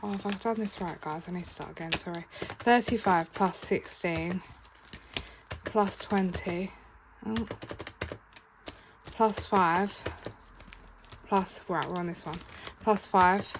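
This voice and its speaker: A woman's voice: fairly low pitch, takes it slowly, long pauses. A British woman talking through her savings in a casual vlog, chatty and counting aloud, sometimes stopping to correct herself. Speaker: budgeting vlogger. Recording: clear background noise with keyboard clicks.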